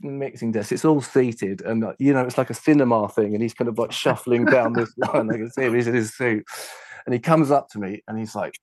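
A man's voice: mid-range voice, brisk, no echo. A man who works as a sound engineer, telling a story in casual conversation, laughing as he talks and swearing freely. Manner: animated anecdote telling, laughs while talking, swears freely. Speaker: guest, sound engineer and tour manager.

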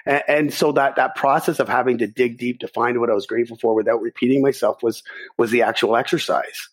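A middle-aged man, a podcast guest, telling a personal story in a lively way and acting out his own thoughts. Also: mid-range voice, fairly quick, slightly rough.

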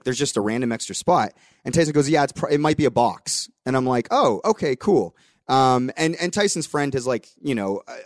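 A man's voice: mid-range voice, dry recording, studio quality. A young adult man hosting a podcast, telling a story in casual chat with voiced quotes and the odd swear. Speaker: podcast host.

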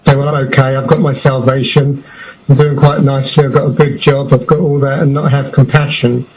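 A man's voice: mid-range voice, flat delivery, a little fast, darkish tone, low-quality recording. A man in casual discussion, asking a thoughtful, slightly hesitant question.

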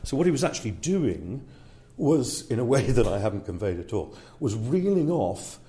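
A man's voice: medium pitch, very animated, moderate pace, warm tone. A man working as a speaker agent, talking casually in an interview and checking in with "yeah?" between fillers.

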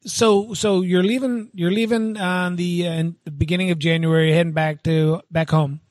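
A man's voice: high voice, fairly even intonation, moderate pace, a little mellow, dry recording. A man hosting a podcast, friendly and teasing, hesitating with many restarts. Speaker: podcast host. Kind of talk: casual podcast chat.

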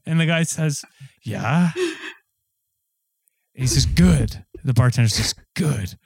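A man in casual banter, halting and restarting as he stumbles through telling a joke. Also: mid-range voice, animated, vocal fry, darkish tone, breathy edge, no echo, clean studio sound.

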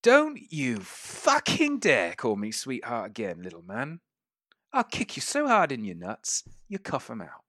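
A man's voice: mid-range voice, huge pitch swings, unhurried, a bit bright, dry recording, studio quality, exaggerated voice. A man voicing a tough, imperious female half-elf surgeon who talks bluntly and swears. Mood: aggressive.

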